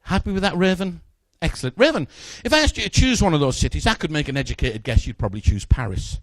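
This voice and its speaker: A quick, slightly high-voiced man in middle age rattles through joking magic-show patter. His playful asides land on a volunteer, and the sound is close and dry with no room around it. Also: expressive, no echo. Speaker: stage magician. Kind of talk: live comedy magic patter.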